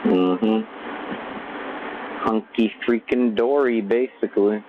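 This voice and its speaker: A man's voice: on the low side, slow pace, phone-quality sound, background noise. A man live-streaming alone, rambling and swearing as he entertains himself. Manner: rambling, profane, self-amused. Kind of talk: casual live-stream monologue. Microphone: desk microphone.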